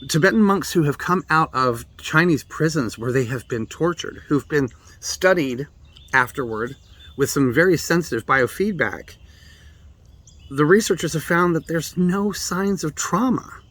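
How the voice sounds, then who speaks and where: A man's voice: a little high, expressive, measured pace, fairly bright tone. A middle-aged man giving a blunt, emphatic talk on meditation as a Buddhist teacher. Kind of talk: direct-to-camera daily reflection talk.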